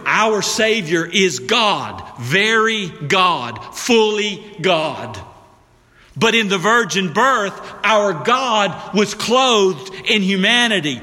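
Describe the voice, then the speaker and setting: A high, bright-voiced man preaches at an unhurried pace. He leans on emphasis and sinks into low, hushed tones, then turns to address his congregation directly. His voice rings with a long reverb, as in a church hall. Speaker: pastor. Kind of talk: sermon.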